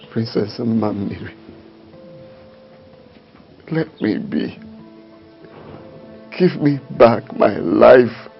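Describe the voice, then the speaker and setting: An actor playing a crippled husband who pleads in anguish, his voice gravelly and raspy. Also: fairly high pitch, heavily acted. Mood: pleading. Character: crippled, tormented husband, adult man. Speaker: actor in a drama series. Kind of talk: dramatic film acting. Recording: dull sound with faint music.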